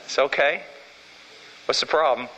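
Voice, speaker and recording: A man preaching a sermon with fervor, repeating phrases for emphasis and swinging from loud to low. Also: a little slow, in a large hall, slight background noise, low-quality recording.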